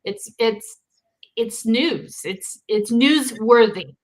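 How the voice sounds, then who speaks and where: A middle-aged woman co-hosting a business podcast, talking casually and telling animated stories. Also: on the high side, takes it slowly, rough recording. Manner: animated storyteller, acts out voices and laughs. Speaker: podcast co-host. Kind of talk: casual chat.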